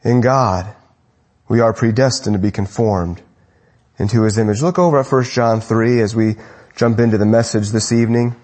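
A man preaching an evening sermon, rising to emphatic lines and dropping to hushed, low endings, repeating phrases for emphasis. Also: steady tone, moderate pace.

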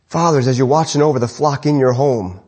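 Husky-voiced man preaching with fervor. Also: a little fast. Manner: impassioned, swings between raised urgent lines and low quiet ones. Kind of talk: sermon. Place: church congregation, evening service.

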